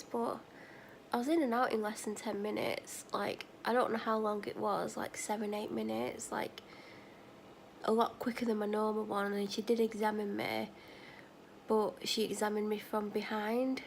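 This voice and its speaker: Speaking somewhat high with a steady tone, vocal fry, and a moderate pace, a woman chats casually in her vlog amid slight background noise. She wanders through run-on tangents and recounts conversations, playing both parties.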